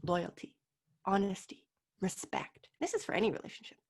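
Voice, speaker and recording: A woman guest, a mental performance coach, talking emphatically in a casual interview and acting out what people say, swinging from loud to soft. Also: mid-range voice, big pitch swings, moderate pace, slightly rough.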